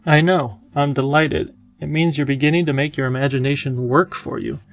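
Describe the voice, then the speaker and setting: A wise, playful old professor from a storybook, voiced by a man, gentle and eager to teach. His voice has a gravelly edge and sounds close and dry. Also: fairly high pitch, fairly even intonation, normal speed, dry recording. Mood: kindly.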